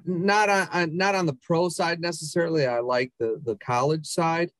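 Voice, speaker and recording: A man's voice: a little high, steady tone, normal speed, no room sound. A man in his forties from the United States, a podcast guest in casual chat, easygoing and enthusiastic. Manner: easygoing and enthusiastic, calls people dude and bro.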